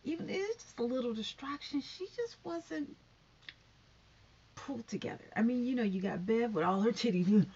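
Woman vlogger, husky and blunt, casual gossip talk at home on a muffled recording. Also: fairly high pitch, expressive, moderate pace, a little mellow. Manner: blunt, gossipy, chatty with laughs. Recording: dull lo-fi recording.

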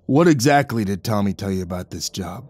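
A man voicing a heavy-set, gruff middle-aged boss who talks bluntly and coarsely. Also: lowish voice, lively intonation, brisk, darkish tone, voice pushed down. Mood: stern.

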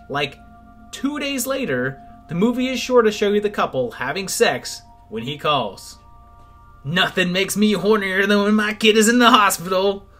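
A man's voice: sits high, a bit bright, breathy edge. A man narrating a comedic film review in a sarcastic, wry tone. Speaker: movie reviewer. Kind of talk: scripted comedic video narration.

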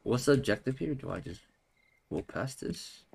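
A man's voice: mid-range voice, lively intonation, normal speed, creaky, darkish tone, husky. A man giving jumpy, exclaiming gameplay commentary as a gaming YouTuber, calling out "bro" and "dude" as he plays.

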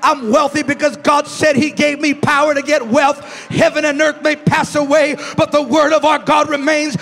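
High-pitched shouting male preacher. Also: little pitch movement, moderate pace, few pauses. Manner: shouting call-and-response, drives the crowd. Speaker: pastor. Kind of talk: preaching a sermon. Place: large church hall with music. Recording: echoey church hall with music behind.

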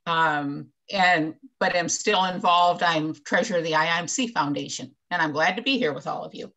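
A retired woman city clerk from Iowa introduces herself on a video call. Her voice is low and bright. She speaks plainly and at a measured pace. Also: poor audio. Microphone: computer mic on a video call.

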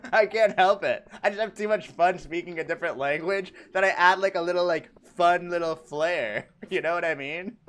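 A young man streaming a game, chatting casually with his viewers in a joking, animated way and laughing often. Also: high-pitched. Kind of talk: casual livestream chat, reacting to chat.

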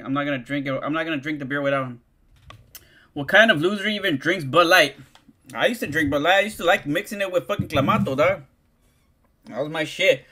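A man's voice: a little high, fairly bright tone. A man, chatting casually on a livestream, rambling and swearing in heavy slang. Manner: profane, slangy, rambling, keeps saying "dog".

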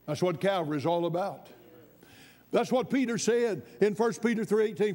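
A man preaches from the pulpit in a high voice. He tells his story at an easy pace, then climbs to fervent, ringing emphasis. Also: normal speed, mellow. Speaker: pastor. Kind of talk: sermon storytelling.

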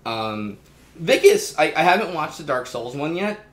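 A man chatting casually as a podcast co-host, his pitch swinging widely as he rants. He swears freely and slips into loud, mocking impressions. The recording has a roomy echo. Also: sing-song, moderate pace. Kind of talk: casual chat.

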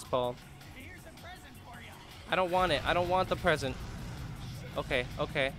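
A man commentating a video game as he plays, excitable, laughing and swearing, talking back to the characters on screen. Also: a little high, normal speed, pauses often, faint music behind. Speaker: gaming YouTuber. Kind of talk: let's play commentary.

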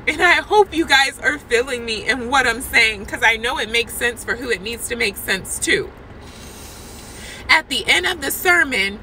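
Bright high-voiced woman preaching fervently. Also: slight background noise, low-quality recording. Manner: earnest, repetitive, talks straight to viewers as guys. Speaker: Christian vlogger sharing a prophetic word. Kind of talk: impassioned testimony and prophecy. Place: church parking lot.

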